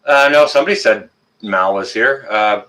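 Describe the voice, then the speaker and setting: A Canadian-accented man chats casually as host of a webcam live stream. He greets his viewers by name one after another. His voice sits low but has a bright, forceful edge. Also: moderate pace. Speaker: livestream host.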